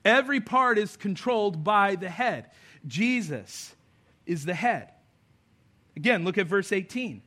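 Bright, high-voiced pastor preaching. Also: male voice, animated, a little slow. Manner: conversational, earnest preaching with light humor. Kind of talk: sermon. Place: church service before a congregation.

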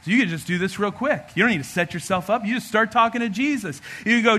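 A man preaching a sermon as pastor, animated and humorous, acting out everyday scenes. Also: high-pitched, fast talker, few pauses.

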